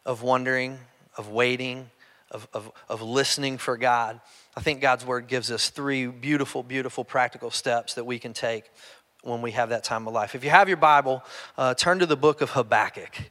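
A man's voice: mid-range voice, steady tone, moderate pace, sharp tone. A man preaching a sermon in a conversational way, often restarting and repeating words. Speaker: pastor. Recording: long hall reverb.

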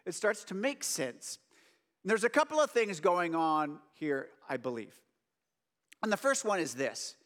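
High-voiced male preacher, conversational and jokey, talks straight to the room. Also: sing-song, measured pace, fairly bright tone. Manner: joking, chatty asides to the audience. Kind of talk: casual conversational sermon.

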